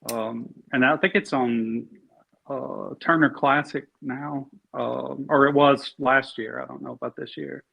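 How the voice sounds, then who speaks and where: A man's voice: mid-range voice, fairly even intonation, unhurried, gravelly, bright, forceful tone, husky. A man being interviewed as an actor, talking easily and rambling with many fillers and restarts. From Alabama. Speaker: actor guest. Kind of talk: casual interview chat. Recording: dull lo-fi sound.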